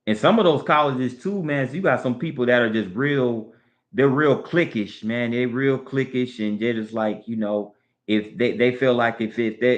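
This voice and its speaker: A man's voice: mid-range voice, a bit bright. A man with a Southern US accent, hosting a casual live stream and rambling in a laid-back way as he thinks aloud. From Southern United States. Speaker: livestream host.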